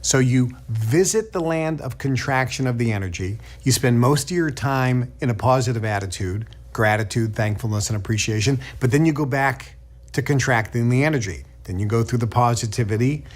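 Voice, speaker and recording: A man's voice: medium pitch, normal speed. A middle-aged man giving a motivational teaching talk, emphatic, acting out quoted self-talk in a raised voice. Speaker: teacher of a book study.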